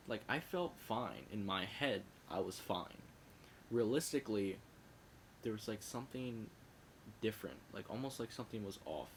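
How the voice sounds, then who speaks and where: Low-voiced young man telling a rambling story. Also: creaky, a little hiss or hum. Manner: rambling, profane, self-correcting. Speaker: vlogger. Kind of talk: casual storytelling.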